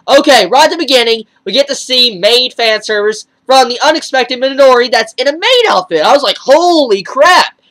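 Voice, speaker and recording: Excitable, gushing anime reviewer. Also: low-quality recording. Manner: excitable and gushing, with sudden jumps in pitch; rambling, with frequent fillers and restarts. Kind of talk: casual spoken episode review.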